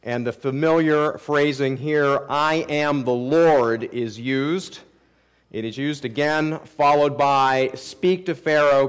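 A middle-aged male pastor teaching verse by verse in a measured, explanatory way, slowing down to quote scripture. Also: a little high, low-quality recording. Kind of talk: sermon, verse-by-verse Bible teaching.

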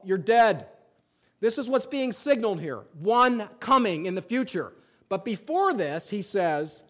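A man preaches a sermon from a church pulpit, his voice sitting notably high for a man. He works through scripture verse by verse and reads passages aloud. Between readings he drives his points home with blunt, emphatic everyday examples. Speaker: pastor.

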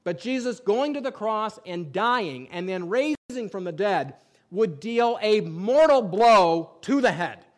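A man's voice: sits high, animated, a little slow. A man preaching a sermon from the pulpit in a church, reading scripture aloud and making emphatic points with plain examples. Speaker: pastor.

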